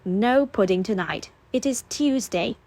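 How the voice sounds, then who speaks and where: A woman's voice: a little high, expressive, unhurried, a little mellow. A woman narrator voicing a firm, harried young mother of three in an audiobook, speaking in a scolding tone. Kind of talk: audiobook character voice.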